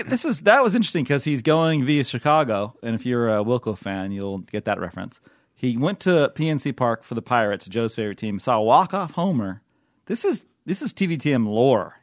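A man's voice: medium pitch, dry recording, studio quality. Laughing, rambling podcast host man. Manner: jokey, laughs often, rambling. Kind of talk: casual podcast chat.

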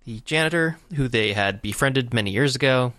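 A man casually talking about a film with a friend, recapping the plot slowly with lots of fillers. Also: medium pitch, animated, pushed and bright, no echo, clean studio sound. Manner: recaps plot in a halting, unhurried way with many fillers. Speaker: podcast co-host.

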